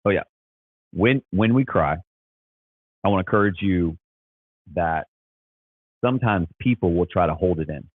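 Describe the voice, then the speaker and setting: A man's voice: low voice, animated, normal speed, long pauses, slightly rough, no room sound, phone-quality sound. A man talking as a Christian life coach, earnest and encouraging, often repeating and restarting his words. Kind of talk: casual motivational talk.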